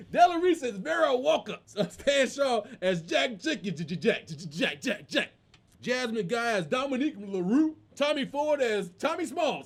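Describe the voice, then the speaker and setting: A man in his forties, a comedian hosting his own show in a casual, slangy monologue. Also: very high voice. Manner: animated, slangy, tosses in "man".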